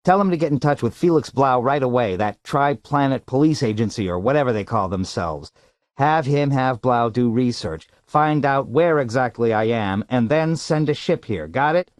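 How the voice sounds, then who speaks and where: A man's voice: medium pitch, animated, normal speed, no room sound, pitched above the performer's own voice, lightly acted. A man doing an irritable, harried businessman. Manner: pressing, irritable. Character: harried middle-aged businessman, impatient.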